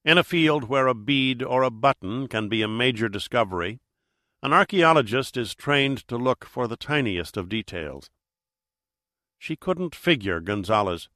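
A man reading an audiobook in steady, measured narration. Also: mid-range voice, no echo, clean studio sound. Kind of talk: scripted narration.

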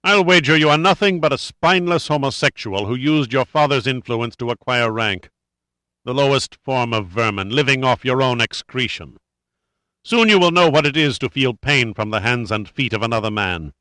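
A man's voice: mid-range voice, expressive, moderate pace, bright, forceful tone, no echo. A man voicing a cold, contemptuous male villain who speaks with commanding scorn.

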